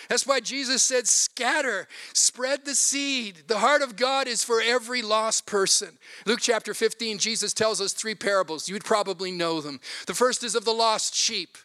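A man's voice: extremely high pitch, pushed and bright, clean tone. A man preaching a sermon, animatedly retelling a story with quoted voices. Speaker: pastor.

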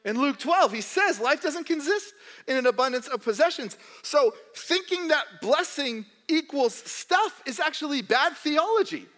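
Young male pastor, very high and bright voice, humorous sermon with mock voices, long church reverb. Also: expressive, moderate pace. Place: church hall.

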